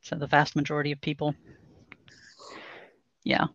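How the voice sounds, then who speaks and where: A woman voice coach calmly explaining voice training in a podcast interview, in a measured, instructive way. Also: low-pitched, no echo, muffled recording.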